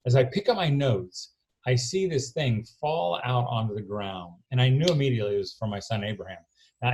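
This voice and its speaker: Animated storytelling man. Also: mid-range voice, dull audio. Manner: animated storyteller, acts out his own quotes loudly. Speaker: homeschool speaker. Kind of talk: storytelling keynote talk. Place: his barn, recorded alone. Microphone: self-recorded camera.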